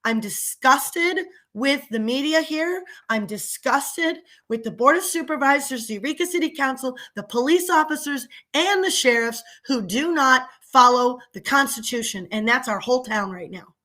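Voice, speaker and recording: A woman's voice: high-pitched, animated, normal speed, hardly any pauses, sharp tone. A middle-aged woman delivering an angry, sarcastic rant as a local commentator in a vlog. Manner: indignant, sarcastic, ranting. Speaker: local commentator and small business owner.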